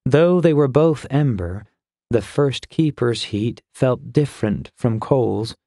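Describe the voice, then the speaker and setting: A man's voice: mid-range voice, lively intonation, a little slow, mellow, no echo. Man narrating a fantasy audiobook, dry sound.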